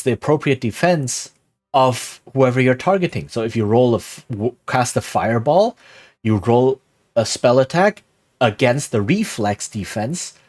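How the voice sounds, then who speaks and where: A man streaming live, casually explaining something and often asking "right?" as he goes. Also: mid-range voice. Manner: rambling, keeps asking "right?".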